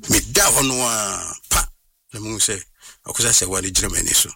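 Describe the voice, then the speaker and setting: A man, recounting a personal story as an interview guest in an animated way and slipping into English phrases. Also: fairly low pitch, fast, creaky, far from the mic, faint music behind. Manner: animated, mixes in English phrases, acts out what others said.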